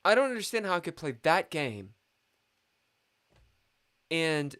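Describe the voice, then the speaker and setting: A man's voice: a little high, sing-song, unhurried, bright, forceful tone. A man streaming a live chess game, muttering and swearing in frustration at his own moves, complaining of a dry mouth.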